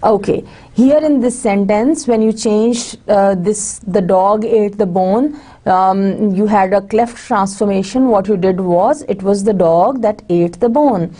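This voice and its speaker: Mellow-voiced woman lecturing on grammar. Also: medium pitch, a little slow. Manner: explains step by step with frequent fillers and restarts, slips into Hindi-Urdu asides. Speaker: university lecturer.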